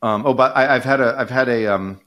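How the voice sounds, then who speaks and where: A man's voice: mid-range voice, brisk, a bit bright. A man co-hosting a casual podcast, explaining ideas in a rambling way with many fillers and restarts. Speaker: podcast co-host, economist.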